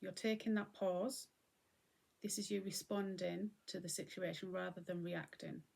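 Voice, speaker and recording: A middle-aged woman giving a gentle, conversational talk on mindfulness and acceptance as host. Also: lowish voice, little pitch movement, normal speed, gravelly. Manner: gentle, conversational, often acting out what she would say.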